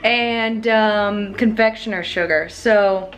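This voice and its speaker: A woman's voice: mid-range voice, takes it slowly. A woman vlogger chatting casually as she bakes in her home kitchen, joking and laughing at herself often. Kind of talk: casual baking vlog chat.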